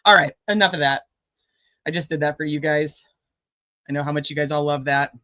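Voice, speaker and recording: Bright-voiced joking woman streamer. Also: deep voice, steady tone, fairly quick, dry recording, lo-fi sound. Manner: joking, teasing and profane, laughs often. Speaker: true crime livestream host. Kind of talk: casual livestream chat, reading viewer comments.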